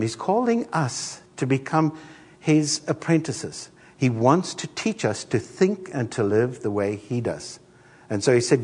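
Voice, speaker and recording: A middle-aged man preaching a sermon as a pastor, an animated storyteller who acts out the voices in his stories. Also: medium pitch, breathy edge, in a large hall.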